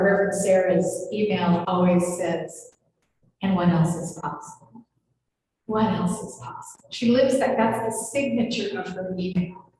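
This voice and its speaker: A woman's voice: mid-range voice, a little mellow, a little hiss or hum. A woman minister giving a conversational sermon, chatty and playful, often laughing and speaking straight to her congregation. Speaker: senior minister. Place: large hall of a spiritual center. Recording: echoey hall with long reverb.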